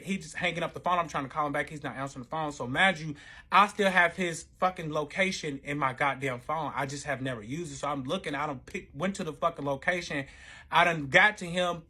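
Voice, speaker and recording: Husky man telling a wild story. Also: on the high side, pushed and bright. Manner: profane, rambling, self-interrupting. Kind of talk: casual storytime monologue.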